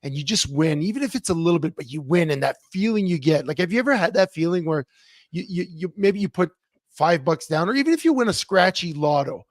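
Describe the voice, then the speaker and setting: Man co-host, animated storyteller, slightly high voice, dry sound. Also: a little fast, no echo. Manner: animated storyteller, many fillers and restarts. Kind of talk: casual sports talk show chat. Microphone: remote computer mic.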